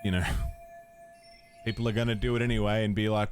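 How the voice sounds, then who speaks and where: A man's voice: lowish voice, flat delivery, brisk, a little mellow, clear, resonant tone. A man streaming a video game live, chatting and ranting in tangents and swearing freely at a home setup. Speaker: gaming livestreamer. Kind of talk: casual livestream commentary.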